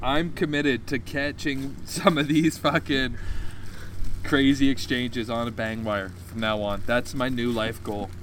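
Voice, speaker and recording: A man telling a story on a casual podcast, swearing often and animated. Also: mid-range voice, unhurried, slight background noise. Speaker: podcast co-host.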